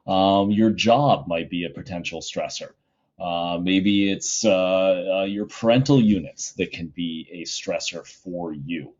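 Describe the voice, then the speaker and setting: Low-pitched middle-aged guy teacher, chatty home lesson, lots of ums, kinda muffled recording. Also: takes it slowly, darkish tone. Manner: casual, chatty, many fillers. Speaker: high school psychology teacher.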